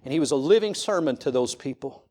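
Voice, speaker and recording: A man's voice: on the high side, lively intonation, quick pace, mellow. Impassioned middle-aged male pastor preaching. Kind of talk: sermon. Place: church service.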